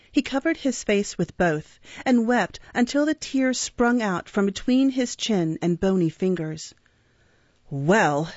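A woman narrating a classic novel in a measured, expressive reading voice. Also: medium pitch, no echo. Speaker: audiobook narrator. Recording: dull, dry recording.

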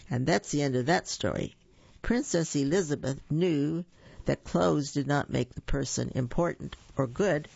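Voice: medium pitch, gravelly, darkish tone, slightly rough, no room sound, highs cut off. A storyteller reading children's stories aloud and explaining the lesson afterwards.

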